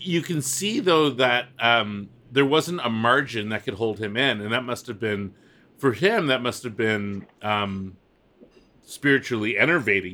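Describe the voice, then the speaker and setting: Bright, crisp-sounding guy cracking jokes in a chat. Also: medium pitch. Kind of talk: casual conversation.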